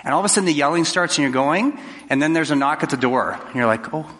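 Bright-voiced man speaking in a hall. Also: on the high side, lively intonation, fast. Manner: conversational, jokey, acts out quoted exchanges. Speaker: public speaker. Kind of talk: motivational talk to a live audience.

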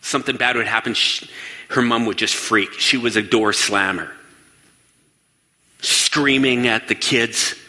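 A man giving a lively talk to an audience in a large hall. He asks the listeners questions and acts out the voices he quotes. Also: medium pitch, measured pace, pauses often. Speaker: speaker addressing an audience. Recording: long reverb of a large hall.

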